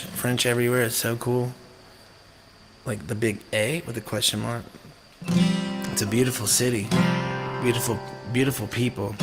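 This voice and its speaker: A man from North Carolina, a musician chatting to his live-stream viewers in a rambling, jokey, animated way. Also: medium pitch. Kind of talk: casual chat on a live stream.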